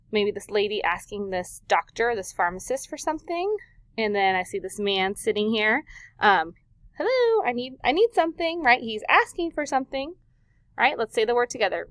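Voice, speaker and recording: A woman teacher giving a vocabulary lesson to grade-schoolers in a dry, close recording. She speaks patiently and clearly at a mid pitch, stretching words slowly for the class to repeat. She checks in with the kids after nearly every point. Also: a bit bright, no echo. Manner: patient, clear, checks in often with "okay?" and "right?".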